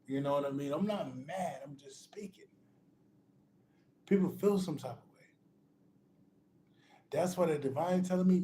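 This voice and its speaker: This man's voice is on the high side and warm, moving at a moderate pace with a touch of hiss or hum. As a spiritual motivational speaker, he gives an informal, emphatic, repetitive pep talk, addresses the listener as "bro," and breaks off to restart phrases and laugh between ideas.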